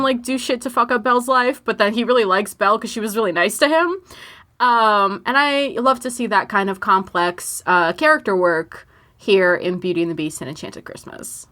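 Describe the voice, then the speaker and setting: A woman's voice: mid-range voice, moderate pace, pushed and bright. A young woman co-hosting a podcast in casual chat, laughing often and talking with lots of fillers. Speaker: podcast co-host.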